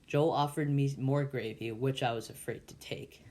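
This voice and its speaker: A man reading a classic novel aloud as a volunteer, halting and often stumbling and restarting words. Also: medium pitch, steady tone, darkish tone. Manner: halting, with frequent slips and restarts. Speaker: volunteer reader.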